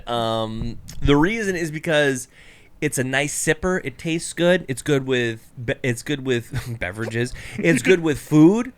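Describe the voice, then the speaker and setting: Lively-pitched man bantering on a podcast. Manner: joking, teasing banter. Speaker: podcast co-host. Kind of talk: casual chat.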